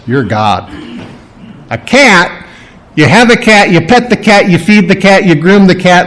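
A man preaching a sermon, animated and playing out quoted voices as he teaches. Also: a little high, low-quality recording. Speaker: pastor.

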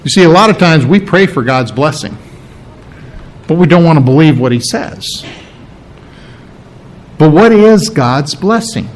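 A pastor preaching a verse-by-verse sermon, animated, often repeating and restarting phrases as he presses his questions. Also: fairly high pitch, a little slow, long pauses, slight background noise. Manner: animated, rising to emphatic questions. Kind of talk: expository sermon.

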